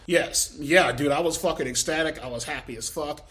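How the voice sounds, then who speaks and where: A man with a slightly high, fairly bright voice answers interview questions at a normal speed. His replies are casual and rambling, full of heavy swearing and repeated "you know what I mean."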